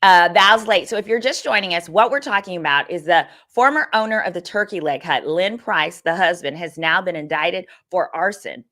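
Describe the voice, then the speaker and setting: A woman's voice: on the low side, normal speed, hardly any pauses, fairly bright tone. A woman attorney hosting a casual livestream of legal commentary, talking candidly and reading viewer comments aloud. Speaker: attorney and host.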